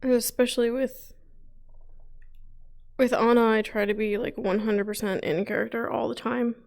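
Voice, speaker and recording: A woman with a bright, high voice talks loosely with a fellow player after a roleplay session. She laughs often and drops the odd swear word. The talk is relaxed and unscripted. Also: moderate pace, vocal fry. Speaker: roleplay host. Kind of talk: casual out-of-character chat. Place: home room being moved out of.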